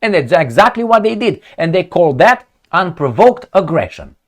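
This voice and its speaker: Mocking, animated male commentator. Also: high voice, moderate pace. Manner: sarcastic, mocking, emphatic. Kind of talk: profane political commentary.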